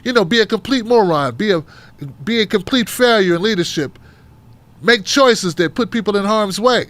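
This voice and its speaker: High-voiced Tennessee man ranting. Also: animated, normal speed, fairly bright tone. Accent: Tennessee Southern. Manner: blunt, profane and mocking; fired up, rants with rhetorical questions. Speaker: political talk show host. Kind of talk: casual livestream commentary.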